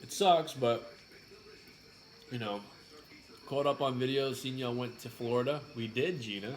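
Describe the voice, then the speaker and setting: A man's voice: mid-range voice, a little slow, a little hiss or hum, rough recording. Laid-back man chatting to viewers. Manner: laid-back, plainspoken, addresses viewers directly. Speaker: vlog co-host. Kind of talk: casual chat.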